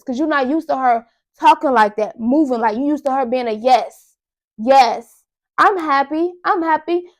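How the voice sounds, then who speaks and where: A young woman with a high voice hosts her own podcast. She tells a story in a loose, animated way and keeps talking straight to her listeners. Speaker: podcast host. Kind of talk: casual monologue.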